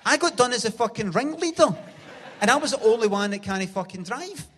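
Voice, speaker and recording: A man's voice: very high voice, lively intonation, a little fast, fairly bright tone, a little hiss or hum. A Glaswegian man, the guest on a live theatre stage show, telling sweary stories with laughs and acting out voices. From Glasgow, Scotland. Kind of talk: live stage interview, storytelling.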